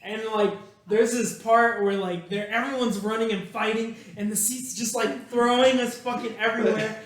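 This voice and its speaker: Animated young man telling a story. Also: sits high, moderate pace, far from the mic. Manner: animated, swears freely, acts out sounds. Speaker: podcast co-host. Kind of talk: casual storytelling among friends. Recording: echoey room, off-mic.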